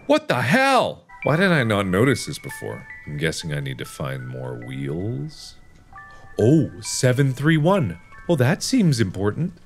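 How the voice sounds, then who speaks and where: A young adult man giving let's-play commentary, reacting to a horror game with excitable, exclamatory outbursts. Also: fairly low pitch, unhurried, faint music behind. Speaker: gaming video host.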